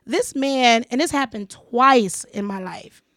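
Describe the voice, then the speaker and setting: A woman's voice: fairly high pitch, slow, fairly bright tone, no room sound, clean studio sound. A woman hosting a casual conversation, talking emphatically and repeating phrases for stress. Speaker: podcast host.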